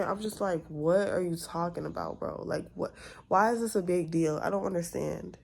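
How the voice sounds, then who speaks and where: A woman's voice: on the low side, moderate pace, vocal fry, breathy edge. A young woman in her twenties, venting candidly in a casual storytime vlog and acting out both sides of an argument. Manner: candid, venting, quotes others in lively asides. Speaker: vlogger.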